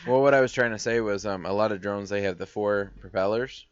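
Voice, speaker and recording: A man's voice: fairly low pitch, a little fast, clean tone. A man co-hosting a podcast in casual chat, teasing his partner with dry remarks. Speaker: podcast co-host. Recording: dull lo-fi dry recording.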